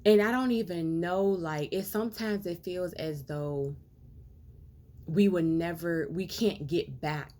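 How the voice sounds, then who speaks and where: A woman's voice: lowish voice, takes it slowly, warm tone. A woman giving an impassioned monologue to camera, earnest and preachy, piling up rhetorical questions and stretching out words for emphasis. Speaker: social commentator.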